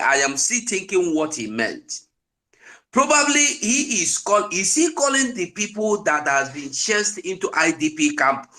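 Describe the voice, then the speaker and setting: A man's voice: on the high side, sharp tone. A Nigerian man with an accent mixing Pidgin into his English, giving an impassioned, preaching political talk on an online call. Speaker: invited speaker on an online call.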